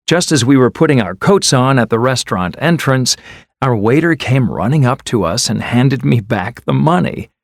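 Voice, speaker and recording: A man's voice: mid-range voice, lively intonation, moderate pace, creaky, no room sound, studio quality. A man reading a scripted first-person story in a conversational storytelling way. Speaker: narrator.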